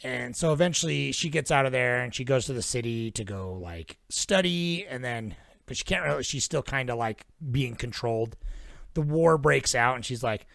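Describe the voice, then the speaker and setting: A man's voice: mid-range voice, lively intonation, normal speed, vocal fry, fairly bright tone, no room sound, clean studio sound. A man hosting a podcast, retelling a film plot in a rambling, casual way with lots of swearing. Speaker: podcast host. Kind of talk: casual film-recap chat.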